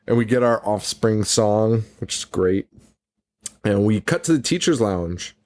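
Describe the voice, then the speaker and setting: A man co-hosting a podcast in casual chat, recapping a movie in an animated, profane way. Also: fairly low pitch, a little slow. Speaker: podcast co-host.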